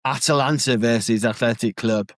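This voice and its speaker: A man co-hosting a podcast, telling an anecdote in an excitable, animated way. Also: medium pitch, moderate pace, no room sound, studio quality. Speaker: podcast co-host. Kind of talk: casual anecdote-telling chat.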